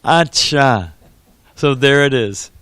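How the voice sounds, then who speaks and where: A man speaking in a devotional class, his voice gravelly with fry. The sound is close and dry. He tells anecdotes in a conversational, rambling way. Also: mid-range voice, brisk, fairly bright tone, dry recording.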